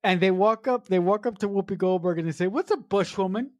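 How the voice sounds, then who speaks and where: A woman's voice: mid-range voice, darkish tone, dry recording. Enthusiastic woman podcast co-host. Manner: enthusiastic, quick to laugh. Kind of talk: casual movie review chat.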